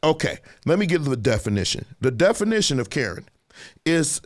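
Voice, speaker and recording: A livestream show host with a slightly high voice talks fairly quickly as he runs a live discussion show. He chats casually and animatedly, reading viewer comments aloud and quizzing his audience.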